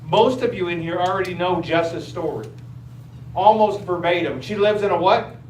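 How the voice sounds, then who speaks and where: A fairly high-voiced man gives direct advice to a room of attendees, a little teasing and conversational. He sounds set back from the mic, and his voice rings in the echoey room. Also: normal speed, darkish tone. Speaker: mentor answering questions. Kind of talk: coaching advice at a live event. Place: large event room. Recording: echoey room, distant mic, faint noise.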